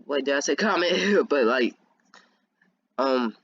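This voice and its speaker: A man's voice: mid-range voice, lively intonation, slow, a bit bright, dry recording. Rambling young man with a lo-fi home mic. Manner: rambling, many restarts, laughs at himself. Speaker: fan video creator. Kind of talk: casual fan storytelling.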